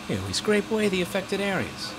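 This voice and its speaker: A man's voice: high-pitched, very animated, brisk, noisy background. A man running a repair shop, giving casual, teasing livestream commentary while working. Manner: sarcastic, teasing.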